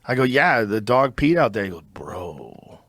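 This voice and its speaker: A man hosting a podcast, telling a story in an animated, profane, casual way. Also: mid-range voice, a little fast, dry recording, clean studio sound. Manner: animated, profane, acts out voices in his stories. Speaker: podcast host.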